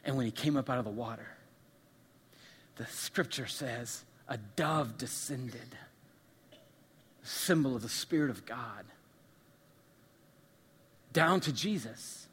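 A male pastor preaching a sermon, swinging from hushed, intimate lines to loud, emphatic repetition. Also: medium pitch, slow, pauses often, breathy edge. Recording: long reverb of a large hall.

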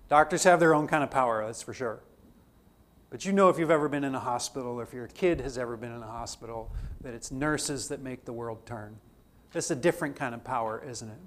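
A man teaching a theology class, putting question after question to his students and swinging between loud emphasis and quiet asides. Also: medium pitch. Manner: poses repeated questions to the class. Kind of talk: classroom lecture.

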